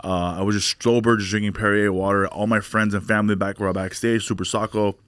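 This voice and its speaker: A man's voice: brisk, clean tone, dry recording. A comedian in his forties from California, telling stories in a casual interview and acting out other people's lines. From Glendale, California. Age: 40s. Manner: animated storyteller, acts out quotes in higher voice. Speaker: stand-up comedian guest.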